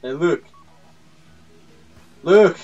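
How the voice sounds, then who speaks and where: Excitable gamer guy, muffled mic. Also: on the high side, extremely slow, recorded from a distance, faint music behind. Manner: excitable, laughing, yelling at teammates. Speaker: gaming YouTuber. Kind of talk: let's play commentary.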